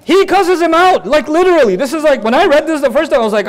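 A man giving a religious lecture as a lively story, joking and laughing often. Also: extremely high pitch, quick pace, hardly any pauses. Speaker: Islamic lecturer.

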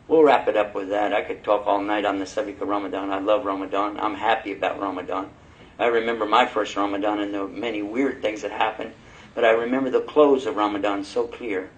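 A man preaching a sermon, telling personal stories in a lively way and laughing as he goes. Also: fairly low pitch, a little fast, poor audio. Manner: animated, laughing storyteller. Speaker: Muslim preacher.

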